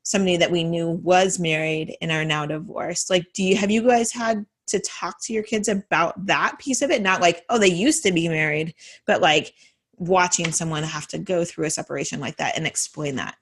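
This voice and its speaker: A woman in her thirties talks casually about raising her children. Her voice sits a little low. She speaks thoughtfully and hesitantly, with many fillers. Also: normal speed. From Oregon, United States. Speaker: mother, conversation partner. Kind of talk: casual chat.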